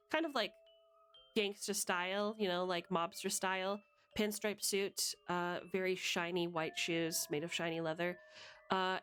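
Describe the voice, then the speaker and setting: A woman running a tabletop game as game master, describing scenes with many fillers and pauses. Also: on the low side, fairly bright tone.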